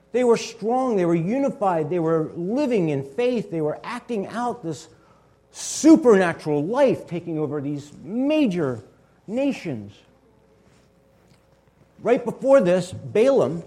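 A man reading scripture slowly and deliberately, then explaining the meaning of the words as a Bible teacher. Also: high voice, mellow. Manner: explains word meanings and pronunciations.

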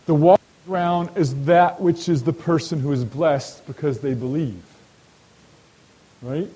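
A man's voice: a little high, a little slow, mellow, husky, rough recording. A man leading a sermon-style Bible study, who often asks his listeners rhetorical questions and speaks to them directly. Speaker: Bible teacher.

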